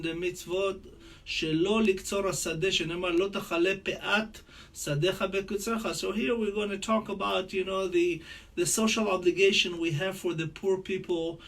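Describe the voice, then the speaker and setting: High-voiced rabbi. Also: male voice, fairly even intonation, fairly bright tone. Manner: conversational teaching, mixing Hebrew quotes into English; rattles off Hebrew verses quickly. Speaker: rabbi teaching a class. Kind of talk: Torah lesson.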